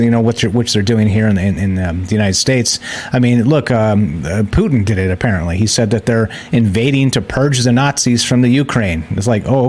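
A man's voice: mid-range voice, a little mellow. A man hosting a live talk show, talking casually in a rambling, sarcastic way full of fillers and restarts. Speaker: podcast host.

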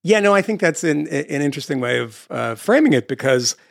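A man hosting a casual interview, talking in an animated, emphatic way with quick asides. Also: a little high, gravelly, dry recording, clean studio sound.

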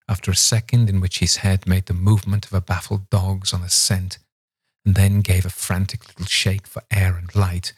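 A man, a podcast host, giving a measured, dramatic audiobook reading of a classic novella. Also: low voice, darkish tone, slightly rough, no echo. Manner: measured, dramatic reading that slows for tense passages.

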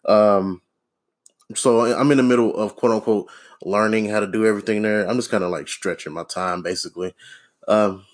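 A man hosting a podcast alone, rambling in a deadpan, sardonic way, swearing freely and filling with ums and restarts. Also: fairly low pitch, normal speed. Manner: profane, rambling, sardonic, many fillers and restarts. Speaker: podcast host. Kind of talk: casual solo rant.

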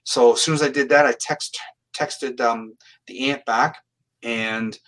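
A man from Canada tells his stories as an interview guest, earnest and plain-spoken. His voice is bright and forceful, at an ordinary pitch. He often doubles back and restarts his phrases. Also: fairly even intonation, unhurried, rough recording. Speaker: psychic medium guest. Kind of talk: storytelling in an interview.

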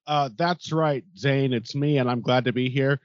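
A man's voice: medium pitch, fairly even intonation, normal speed, dry recording, dull audio. A man co-hosting a podcast in casual banter, cracking puns and laughing at his own jokes. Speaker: podcast co-host.

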